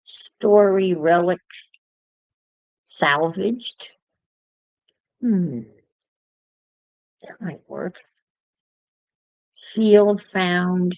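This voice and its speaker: A woman's voice: on the low side, drawn-out words, pauses often, darkish tone, no room sound, low-quality recording. A woman chatting casually to livestream viewers while she crafts, musing aloud as she works.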